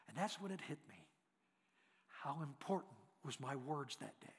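A man preaching as a guest speaker, telling folksy stories in an animated way and acting out voices. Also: sits high, a little fast, long reverb tail. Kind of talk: storytelling sermon.

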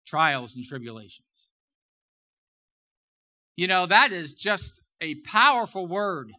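A middle-aged man with a very bright, somewhat high voice, preaching to his congregation. He talks in a relaxed, conversational way, repeats his phrases, and pushes his voice up when he stresses a point. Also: measured pace. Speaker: pastor. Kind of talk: sermon. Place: church.

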